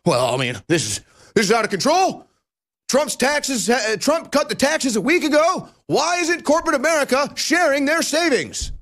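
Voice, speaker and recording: A man's voice: very high-pitched, big pitch swings, moderate pace, a bit bright. A man hosting a political talk show, delivering sarcastic, mocking and emphatic commentary.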